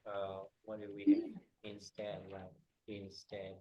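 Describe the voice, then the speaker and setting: A man teaching a one-on-one English pronunciation lesson, explaining haltingly with many fillers. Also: lowish voice, monotone, dark tone, low-quality recording.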